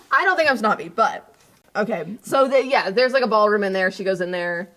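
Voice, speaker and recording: A young woman with an American accent talks through a movie plot in a relaxed, chatty way. She giggles often and pokes fun at herself. Her pitch sits in an ordinary middle range. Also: normal speed. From United States. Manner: chatty, giggly, self-deprecating. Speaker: podcast co-host. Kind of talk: casual chat recapping a film.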